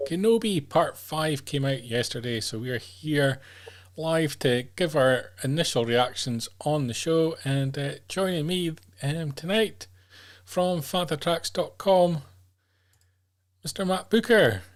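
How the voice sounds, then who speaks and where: A man's voice: a little high, a little slow. A man hosting a live fan news show, easygoing, with ums and restarts. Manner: easygoing, hesitant with ums and repeats. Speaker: podcast host. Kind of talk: casual news show chat.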